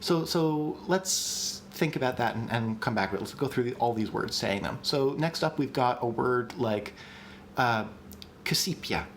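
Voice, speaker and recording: A middle-pitched man streams a casual lesson on language construction from a desk mic, speaking at normal speed. He's chatty and enthusiastic, reads chat aloud, and fills his talk with ums and restarts. A faint room hum lingers in the background.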